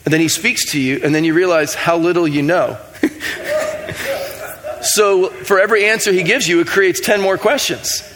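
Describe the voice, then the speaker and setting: A man delivers a sermon in a loose, conversational style, telling stories and poking fun at himself. His voice sits noticeably high for a man, and he slips into acting out little exchanges of dialogue as he goes. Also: fairly even intonation, normal speed, fairly bright tone. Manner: conversational, self-mocking, acts out dialogue. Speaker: preacher. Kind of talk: sermon with storytelling.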